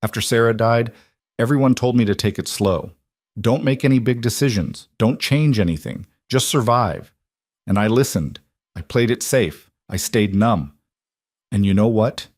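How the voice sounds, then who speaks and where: A man voicing a steady, gentle widowed single father in an audiobook-style story reading, with a calm, reassuring manner. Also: medium pitch, normal speed, no room sound, clean studio sound, lightly acted.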